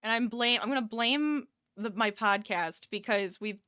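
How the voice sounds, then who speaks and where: A woman's voice: on the high side, moderate pace, pushed and bright, smooth, no room sound, studio quality. A tired woman chatting casually with her viewers during a live crochet stream from her home office, laughing often and reading chat aloud.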